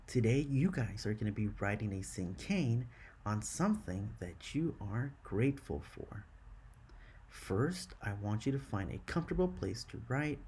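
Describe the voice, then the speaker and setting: A man teaching a classroom lesson, slow and encouraging, counting syllables aloud. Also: on the low side, big pitch swings, darkish tone, slight background noise.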